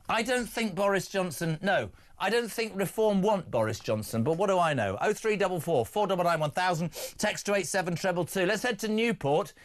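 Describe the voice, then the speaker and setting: A middle-aged man hosts a live radio phone-in with a brisk, jokey manner. His voice sits a little high for a man, and he talks bluntly. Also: lively intonation. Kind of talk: live talk radio, reading texts and taking calls.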